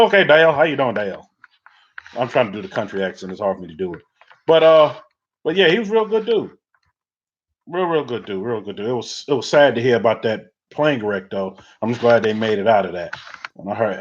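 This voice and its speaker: A man's voice: fairly low pitch, lively intonation, a little fast. A middle-aged man hosting a livestream, telling loose, rambling stories in casual chat while answering viewer comments. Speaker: livestream host. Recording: dull lo-fi audio.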